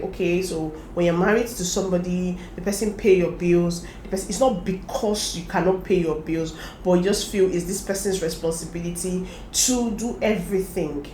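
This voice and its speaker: A woman's voice: lowish voice, roomy sound, a little hiss or hum, low-quality recording. A woman, casually sharing her own experiences and giving advice straight to her viewers. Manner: chatty, advising viewers directly, animated laughter. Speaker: lifestyle vlogger. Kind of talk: casual talk to camera.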